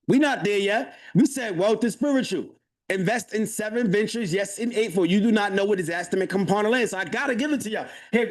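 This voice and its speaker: A man with a fairly high voice runs a live webinar sales pitch. He gets hyped as he goes, calls out to the people in the chat, and repeats his phrases to drive a point home. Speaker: webinar presenter.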